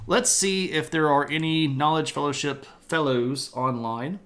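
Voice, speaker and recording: A man's voice: on the high side, measured pace, a bit bright. A man hosting a live history stream, chatting casually with his viewers and reading their comments aloud. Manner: chatty, reads chat aloud, coos at his dog.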